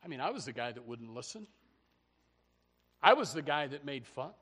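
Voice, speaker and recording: A man preaching a fiery sermon, swinging from loud shouts to hushed low passages, often stammering and repeating words. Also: big pitch swings, moderate pace, husky. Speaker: pastor.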